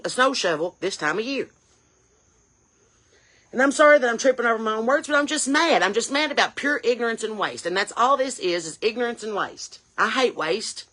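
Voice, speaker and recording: A woman's voice: medium pitch, fairly bright tone. A woman playing a brash, indignant chain-smoking mom, scolding and firing off rhetorical questions. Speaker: comedy character creator. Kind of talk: character comedy rant.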